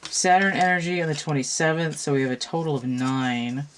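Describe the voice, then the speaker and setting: A woman's voice: low-pitched, fairly quick, slight background noise. A tired, yawning woman reading tarot cards to a camera at home, musing aloud and meandering with restarts in a casual monologue. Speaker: tarot reader.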